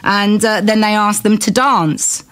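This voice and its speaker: A woman in her fifties tells tour stories in a loose, lively way. She laughs a lot, keeps a wry edge, and her voice sits in an ordinary middle register. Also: medium pitch, a little slow, slight background noise. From England. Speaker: guest singer. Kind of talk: conversational interview.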